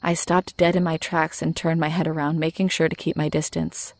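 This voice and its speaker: A woman narrates a scripted first-person horror story in a low, even voice with a gravelly edge. She keeps her delivery measured and steady. The recording is dry and close-miked.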